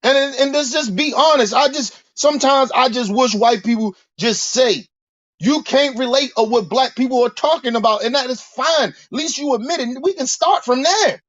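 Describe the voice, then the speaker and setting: A man's voice: very high-pitched, normal speed, fairly bright tone, no room sound, lo-fi sound. A man delivering a heated, profane monologue rant, preaching and repeating himself as he builds his points. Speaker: commentator.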